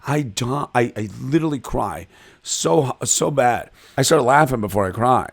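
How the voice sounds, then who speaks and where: Chicago comic guest, mid-pitched male voice, lively self-mocking storyteller, casual podcast chat. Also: moderate pace, gravelly. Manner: animated, self-deprecating storyteller. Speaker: comedian guest.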